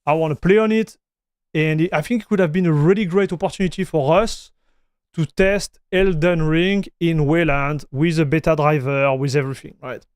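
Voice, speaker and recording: High-voiced chatty male streamer, dry sound. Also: fairly even intonation, moderate pace, clear, resonant tone, no room sound. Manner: chatty, greets viewers, reads chat aloud; frequent restarts and fillers. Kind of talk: casual live-stream chat.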